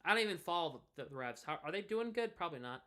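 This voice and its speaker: His voice runs high here, swinging widely in pitch at a quick clip with a sharp tone. The twenty-year-old live streamer and hockey podcaster from New England talks casually on stream, wandering through restarts and fillers.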